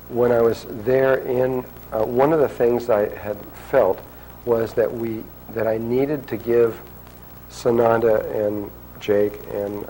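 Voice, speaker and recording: A man's voice: fairly low pitch, dark tone, a little hiss or hum, rough recording. A man telling a long personal story to an audience, rambling and acting out quotes. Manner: rambling, restarts often, acts out quotes.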